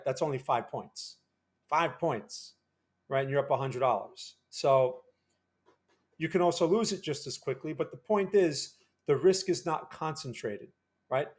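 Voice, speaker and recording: Chatty man streaming live trades. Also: on the high side. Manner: chatty, repeats words and tags "right?". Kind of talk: casual live-stream commentary.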